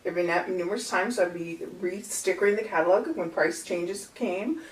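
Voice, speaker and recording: A woman guest on a podcast, a brand ambassador telling stories in a playful, animated way. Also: fairly low pitch, moderate pace. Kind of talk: casual podcast conversation. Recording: echoey room, distant mic.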